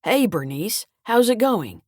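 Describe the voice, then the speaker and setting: A woman's voice: medium pitch, sing-song, a little slow, a little mellow, no room sound, studio quality, voice pushed up. A woman voicing a friendly small-town escrow officer in an audiobook, chatty and earnest. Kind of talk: audiobook character reading.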